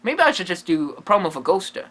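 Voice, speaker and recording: A man's voice: sits high, very animated, quick pace, fairly bright tone, full character voice. A man playing a quirky, lonely, self-amused male ghost medium who talks in broken English, drops his articles and rambles in a comedy monologue. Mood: goofy. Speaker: comedy vlogger in character.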